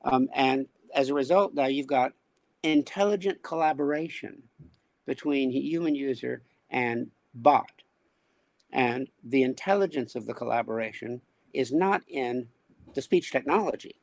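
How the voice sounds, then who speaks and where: A man with a gravelly, fry-tinged voice explains his ideas in a measured, thoughtful way. His pitch sits in the middle range, and the recording is dry and close with no room sound. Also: no echo. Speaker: interview guest, speech technology scientist. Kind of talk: casual conversational interview.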